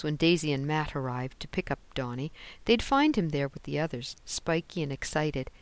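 Steady audiobook narrator, dry close mic. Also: medium pitch, smooth, no room sound. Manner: steady storytelling, lifts for quoted lines. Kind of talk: scripted narration.

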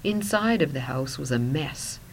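Low-voiced woman telling a story. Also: lively intonation, unhurried, a little hiss or hum, poor audio. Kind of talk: first-person story narration.

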